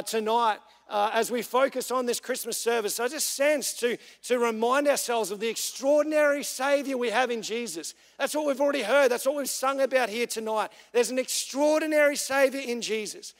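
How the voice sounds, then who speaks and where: High-voiced man preaching in a reverberant church. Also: normal speed, hardly any pauses, fairly bright tone. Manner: earnest storytelling with frequent fillers. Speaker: young adults pastor. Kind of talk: church sermon. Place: large church hall. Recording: long reverb of a church hall.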